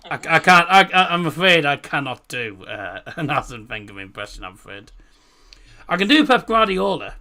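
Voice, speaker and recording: A man's voice: on the high side, sing-song, moderate pace, bright, forceful tone. A British man hosting a live football watchalong, chatting casually and rambling with laughs between remarks. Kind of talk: casual live match commentary.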